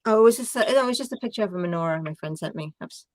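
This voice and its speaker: A woman with a New York Long Island accent chatting in a loose, rambling way, often breaking into laughs. Her voice sits at a middle pitch and sounds close and dry, with little room around it. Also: lively intonation, racing, no room sound. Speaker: live chat host. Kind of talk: casual late-night chat.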